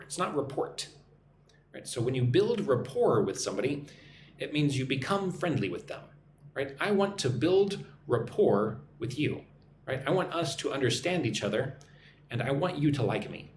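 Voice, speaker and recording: An American man teaching English on a live stream, chatting and reading viewer comments aloud. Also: mid-range voice. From United States. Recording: echoey room with faint background noise.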